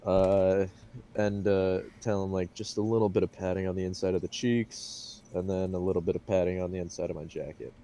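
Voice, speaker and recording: A man playing a tabletop game, speaking haltingly with many fillers. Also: sits low, flat delivery, mellow, a little hiss or hum. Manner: hesitant, filler-heavy, halting. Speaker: player.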